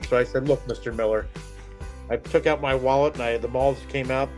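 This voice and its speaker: A man's voice: mid-range voice, fairly even intonation, quick pace. A man, a show regular, telling a long self-deprecating story in casual chat, rambling and chuckling. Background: faint music.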